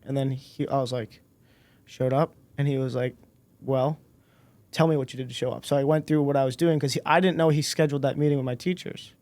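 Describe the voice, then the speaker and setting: Young male podcast guest, mid pitch, dry close mic, easygoing storyteller. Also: a little fast, dry recording. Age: 20s. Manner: relaxed storyteller, acts out quoted dialogue. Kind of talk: casual storytelling interview.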